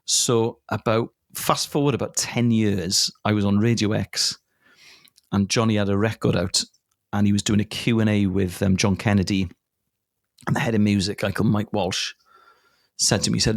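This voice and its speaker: A man's voice: lowish voice, normal speed, vocal fry, no room sound, studio quality. A Welsh man in his forties, a comedian guesting on a podcast, telling a casual anecdote with swearing and laughter. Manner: animated, swearing, laughing storyteller.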